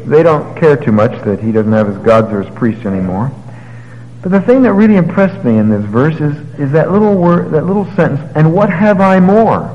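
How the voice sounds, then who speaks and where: A man preaching a sermon, telling the story with lively paraphrases and moving between loud, emphatic passages and quiet, low ones. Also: moderate pace, dull audio. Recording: long hall reverb.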